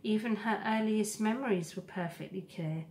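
A woman teacher reading a children's novel aloud to a class in a slow, steady storybook manner. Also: mid-range voice, slight background noise.

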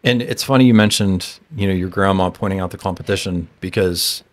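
A man hosting a podcast and coaching, talking in a relaxed, conversational way. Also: deep voice, a little fast. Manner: relaxed, conversational, agreeing often. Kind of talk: casual conversation.

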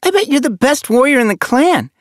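A man voicing an eager, excitable young male cat apprentice in an audiobook, with a high wailing voice. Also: a little fast, no room sound, studio quality. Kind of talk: audiobook character voice.

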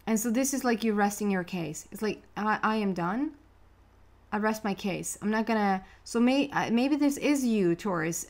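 This is a young woman talking her way through a tarot reading in a loose, chatty monologue. She gets excited easily, laughs along the way and trips over her words as her thoughts race ahead. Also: medium pitch. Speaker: tarot card reader.

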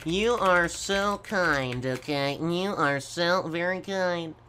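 Slow, stammering goofy male gamer. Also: fairly high pitch, bright, forceful tone, slight background noise. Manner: slow, stammering, goofy, keeps addressing folks. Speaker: gaming YouTuber. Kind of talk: gameplay commentary.

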